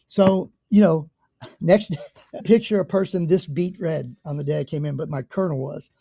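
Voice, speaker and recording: An American man in his sixties, a guest telling stories in a lively way, swearing casually and acting out the people in them. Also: on the high side, normal speed, vocal fry, no echo, studio quality. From United States. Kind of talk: conversational storytelling.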